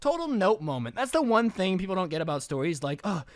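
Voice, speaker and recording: A man's voice: high voice, fast talker, no room sound, clean studio sound. A man telling a scary story in a casual storytime style, joking and slangy. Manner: animated, joking, slangy asides. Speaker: storytime youtuber.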